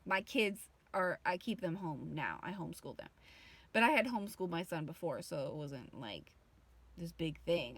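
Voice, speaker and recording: A woman's voice: mid-range voice, a bit bright, no echo. Swearing, rambling woman vlogger, dry sound. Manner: emotional, rambling, frequent swearing. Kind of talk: casual rant to camera.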